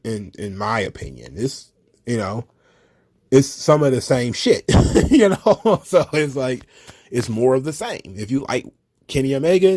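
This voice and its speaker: Guy ranting about wrestling, swears a lot, lots of ums, mid pitch, dry close sound. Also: a little mellow, breathy edge, no room sound. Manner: blunt, profane, rambling with fillers. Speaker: wrestling commentary host. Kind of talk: casual opinionated commentary.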